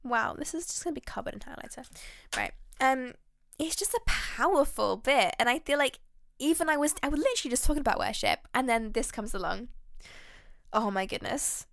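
A woman hosting a faith podcast, talking in an excitable, heartfelt and rambling way. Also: high-pitched, brisk, creaky, no room sound, clean studio sound. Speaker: podcast host.

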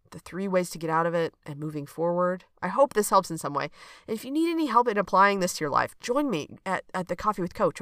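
A woman's voice: medium pitch, a bit bright, no echo, clean studio sound. A woman hosting a reflective solo podcast, talking in an earnest, conversational way and often checking in with "okay?". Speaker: podcast host and coach.

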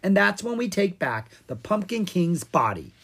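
A reader voicing a clever, brisk young female dragon in a children's storybook. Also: mid-range voice, very animated, gravelly, a bit bright, husky, voice pushed up, heavily acted. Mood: bossy.

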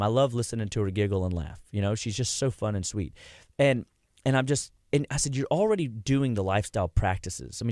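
A man's voice: lowish voice, a little mellow, dry recording, clean studio sound. Chatty man telling a story on radio. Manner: chatty storyteller, acts out patient quotes. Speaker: health practitioner and show host. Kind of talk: casual radio talk.

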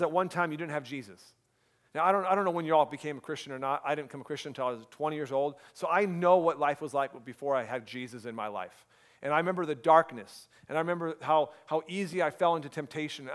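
Earnest pastor, a man preaching. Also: a little high. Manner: earnest, drops to a hushed voice for emphasis. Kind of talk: sermon.

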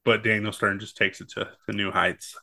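Male podcast co-host, bright tone, slightly low pitch, animated storyteller. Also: moderate pace, gravelly. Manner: enthusiastic, acts out movie lines in quotes. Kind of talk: casual movie chat.

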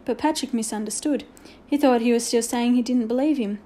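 A woman narrating a children's storybook aloud in a clear, expressive way. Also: on the high side, brisk.

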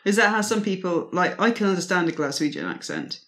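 A woman in a casual group chat who speaks in a lively, chatty way and laughs easily. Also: fairly low pitch, a little fast. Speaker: podcast panelist.

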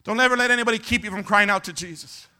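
Man, pastor, impassioned sermon, very high voice, sharp and bright tone, calls out to the congregation. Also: racing. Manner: impassioned preacher, shouts to the congregation for response. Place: church service.

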